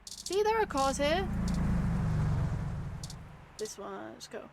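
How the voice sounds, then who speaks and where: A woman's voice: high-pitched, sing-song, slow, very noisy. A woman streaming a video game, chatting casually, giggling and swearing as she plays. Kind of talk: casual let's-play commentary.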